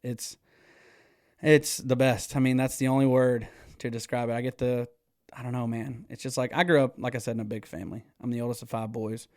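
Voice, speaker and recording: A man, telling stories as a podcast guest in an animated way, swearing freely and laughing often. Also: medium pitch, fairly quick, dry recording, studio quality. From Texas. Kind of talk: casual storytelling.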